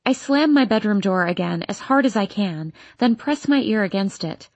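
A woman with a slightly husky voice narrates a first-person teen novel. She reads with emotional intensity. The recording is dry and close to the mic. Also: mid-range voice, animated, normal speed, a little mellow, dry recording. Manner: emotional, intense, voicing an upset teenage girl. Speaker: audiobook narrator.

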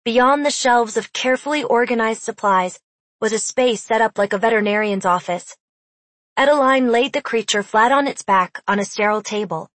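A woman reading fantasy narration in an even, steady storytelling manner. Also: medium pitch, no room sound. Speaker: audiobook narrator.

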